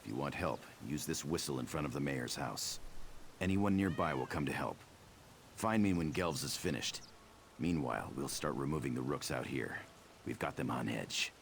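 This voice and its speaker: Gravel-deep resistance leader. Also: male voice, normal speed, slight background noise. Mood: urgent. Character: gruff male resistance leader in a video game. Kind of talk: game dialogue.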